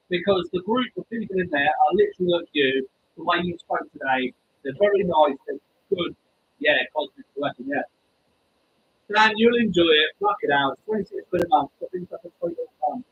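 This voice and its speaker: A man's voice: high voice, vocal fry, narrow, tinny audio, a little hiss or hum. A man hosting a live stream, chatting to his viewers in a rambling, sweary way with stammered restarts. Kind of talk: casual live-stream chat.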